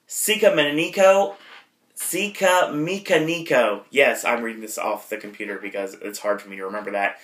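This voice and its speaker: A man's voice: mid-range voice, fairly bright tone. A man hosting a casual movie retrospective podcast, rambling with lots of fillers and self-deprecating asides. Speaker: podcast host.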